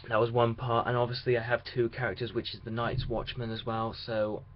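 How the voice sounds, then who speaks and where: A man's voice: mid-range voice, monotone, fairly quick. A young man talking through a casual video diary about his radio drama rehearsals, chatty and rambling with restarts. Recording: dull lo-fi sound with faint hiss.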